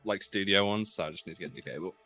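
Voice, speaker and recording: A man co-hosting a podcast, chatting in a relaxed, offhand way, with faint music behind. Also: low-pitched, very fast. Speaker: podcast co-host. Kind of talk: casual chat.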